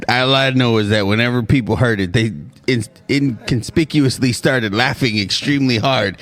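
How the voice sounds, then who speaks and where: A man spinning a story for his friends on a podcast, his pitch rising and falling a lot as he talks. His manner is animated, and he laughs between lines. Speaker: podcast co-host. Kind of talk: casual storytelling among friends.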